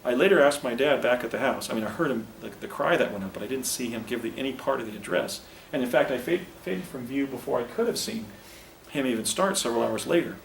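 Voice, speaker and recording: A man giving a public lecture in an earnest, halting way, often restarting his sentences. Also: mid-range voice, expressive, creaky, a little hiss or hum. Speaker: presenter. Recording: roomy, distant lecture recording with faint ambience.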